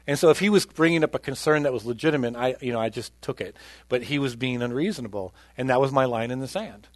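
A male pastor preaching a sermon, telling a personal testimony earnestly and swinging between loud emphasis and quiet. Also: mid-range voice, quick pace, dry recording.

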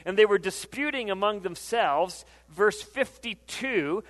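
A man's voice: high-pitched, lively intonation, measured pace, hardly any pauses, a bit bright. A man preaching a sermon in a conversational, emphatic way, reading scripture aloud and repeating phrases for emphasis. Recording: long reverb of a hall.

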